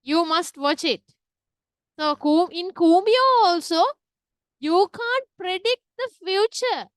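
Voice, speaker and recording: A woman's voice: very high voice, animated, takes it slowly, dry recording, studio quality. A woman teaching an online literature class, chatty and often asking "right?". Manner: chatty, tags sentences with "right?".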